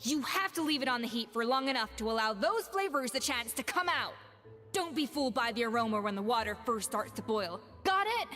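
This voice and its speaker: A woman's voice: fairly high pitch, animated, brisk, bright, forceful tone. A woman voicing a stern, bossy female head chef in a video game, curt and commanding. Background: faint game music.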